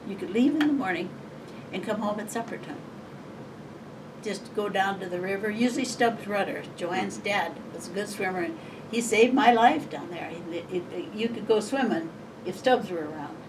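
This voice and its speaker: A woman's voice: medium pitch, moderate pace. Older Montana woman, interviewee; rambling, chuckling storyteller, recorded off-mic with faint hiss. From Montana, USA. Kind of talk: oral history storytelling. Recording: distant mic, faint background noise.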